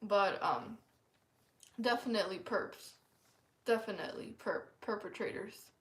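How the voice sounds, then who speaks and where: A woman earnestly shares a personal testimony in a casual, rambling way, her speech full of "like" fillers. Her voice is medium-pitched and a little slow, recorded in an echoey room.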